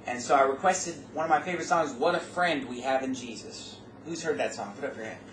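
Recorded from a distance in a roomy space with faint room noise, a middle-aged man preaches in a mid-range, fairly bright voice, moving a little fast. He urges listeners on with rhetorical questions and folksy asides that climb to emphatic peaks.

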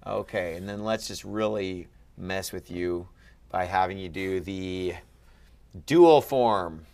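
A man's voice: sits low, slow pace, vocal fry, darkish tone. A man tutoring a student through Ancient Greek accents, patiently quizzing and encouraging him in a friendly, upbeat way. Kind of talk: one-on-one lesson.

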